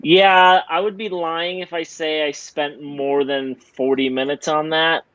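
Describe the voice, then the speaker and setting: A man's voice: on the high side, level tone, measured pace, fairly bright tone, no echo, muffled recording. A man co-hosting a casual podcast with a dry, teasing manner. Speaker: podcast co-host. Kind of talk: casual chat.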